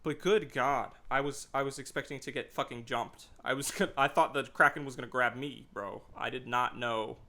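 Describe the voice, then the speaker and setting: A man's voice: mid-range voice, normal speed, hardly any pauses. Jumpy, foul-mouthed young male streamer. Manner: excitable, nervous, swears a lot. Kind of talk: live gameplay commentary.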